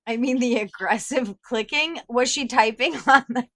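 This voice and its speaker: Woman streaming from home, high bright voice, laughs a lot, swears at her dogs. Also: moderate pace. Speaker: co-host. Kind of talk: casual livestream chat. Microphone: headphones and desk mic.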